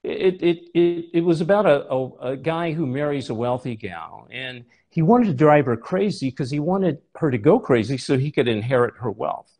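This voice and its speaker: A man's voice: on the high side, lively intonation, moderate pace, few pauses, darkish tone. A male preacher giving a sermon, telling a story with animation and asking the congregation rhetorical questions.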